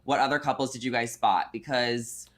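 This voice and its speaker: A man's voice: medium pitch, steady tone, normal speed, a loud crowd. A man co-hosting a casual chat, talking in a skeptical, analytical way. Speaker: co-host.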